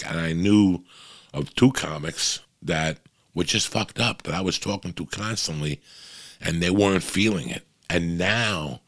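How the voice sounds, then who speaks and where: Deep gravelly man, blunt and profane. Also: a bit bright, dry recording. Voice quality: wheezy. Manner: blunt, heavy swearing, rambling and confessional. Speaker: podcast host. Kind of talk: candid podcast monologue. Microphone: podcast microphone.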